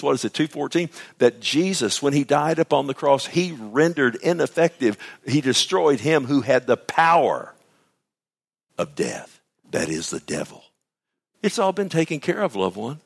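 A man preaching a sermon, swinging between loud, high bursts and low, hushed asides. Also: gravelly.

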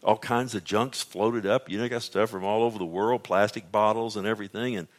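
A man preaches briskly, reading scripture aloud and then paraphrasing it in a conversational way. His intonation stays fairly even, yet he moves between loud, urgent pleading and low, hushed passages.

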